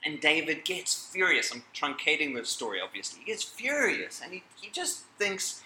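In an echoey hall with slight background noise, a man gives a lively, chatty lecture to a live audience. His voice is on the high side and sing-song, pushed and bright, at a moderate pace with few pauses, and he jokes, breaks off mid-sentence, and laughs at his own asides.

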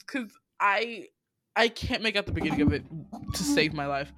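A young adult podcaster talks through a movie plot in a loose, rambling way, with plenty of swearing, fillers and bursts of laughter. The voice sits at a middle pitch and is recorded up close with almost no room sound. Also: animated, unhurried, a bit bright, no echo. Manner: swears freely, laughs often, quotes characters; rambling, many fillers and asides. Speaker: film recap podcaster. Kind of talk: casual profane movie recap.

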